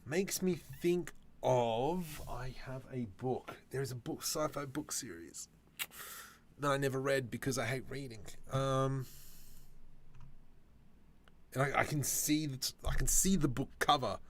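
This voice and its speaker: A man's voice: mid-range voice, a little slow, long pauses. A man chatting casually on a live stream while he works, reacting to viewer comments with jokes.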